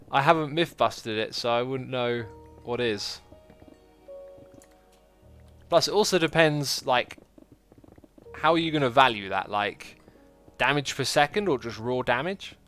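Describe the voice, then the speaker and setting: Animated man chatting while gaming. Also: mid-range voice, measured pace, pauses often, soft background music. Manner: chatty, reads viewer comments aloud, self-deprecating jokes. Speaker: livestreaming gamer host. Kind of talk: casual gameplay commentary.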